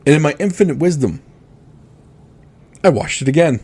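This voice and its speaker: A man's voice: on the high side, normal speed, breathy edge. A man co-hosting a podcast in casual chat, ranting freely and swearing often. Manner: animated, swears freely, exasperated rants. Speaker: podcast co-host.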